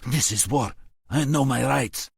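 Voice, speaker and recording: A man's voice: mid-range voice, measured pace, vocal fry, husky, dry recording, clean studio sound, voice pushed up, exaggerated voice. A man voicing a smug, cornered militia captive who taunts and then screams in pain.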